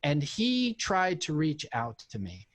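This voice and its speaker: Man w a high lively voice, telling a story on an interview, does the voices of the people in it. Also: slow. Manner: animated storyteller who acts out quoted voices. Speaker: interview guest, author and former cult member. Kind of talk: casual conversational storytelling.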